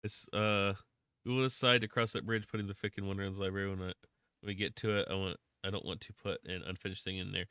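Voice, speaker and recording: Bright-toned Southern drawl man streamer. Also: low-pitched, fairly even intonation, fast, smooth, dry recording, clean studio sound. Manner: rambling, restarts often, reads chat aloud. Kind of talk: casual live-stream chat while playing.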